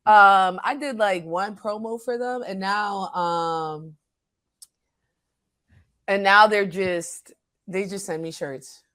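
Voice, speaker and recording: Animated New York woman co-host. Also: medium pitch. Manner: quick, animated, playfully argumentative. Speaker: podcast co-host. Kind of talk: casual podcast chat.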